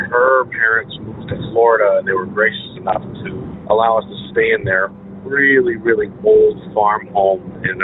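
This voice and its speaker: A man's voice: on the low side, slight background noise. Man telling a story over a tinny phone line. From Maine. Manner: earnest, halting, with many fillers and restarts. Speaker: caller.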